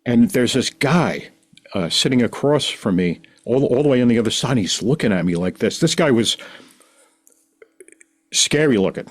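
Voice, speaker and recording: A middle-aged man, a podcast guest, telling a long personal story in a rambling, animated way and acting out the voices of people in it. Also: medium pitch, moderate pace. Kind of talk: casual storytelling.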